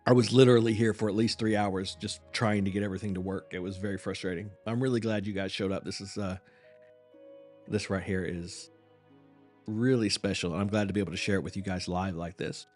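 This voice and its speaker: A man's voice: low-pitched, fairly even intonation, fairly quick, darkish tone, faint music behind. A man hosting a live reaction stream, chatting casually with viewers in a rambling, apologetic and self-mocking way.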